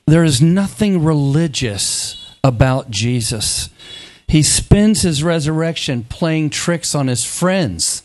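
Animated man preaching a sermon. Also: on the high side, slow. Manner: animated, acts out biblical dialogue in playful voices.

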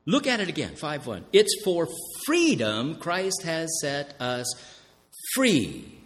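A male pastor delivers a sermon in an unhurried, deliberate cadence, his pitch rising and plunging dramatically from phrase to phrase. He poses questions to the congregation and answers them himself, stretching out the words he wants to land. His voice carries a long reverb, as in a church sanctuary. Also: huge pitch swings, fairly bright tone. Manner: slows down and stresses key words.

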